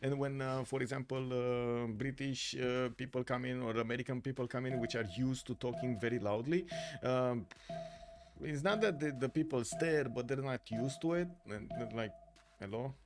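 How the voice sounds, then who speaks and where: A man's voice: medium pitch, normal speed. A man from Romania with a Romanian accent, commentating a strategy game on a live stream, chatty and full of fillers as he searches for words, laughing easily. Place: home streaming room.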